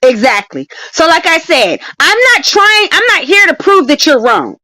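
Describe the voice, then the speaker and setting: A confrontational woman fires off profane, repetitive challenges in a live-stream argument. Her voice sits very high and bright, cutting and sharp. The sound is dry and close, with no room around it. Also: very animated, moderate pace, no room sound, low-quality recording. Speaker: debating guest.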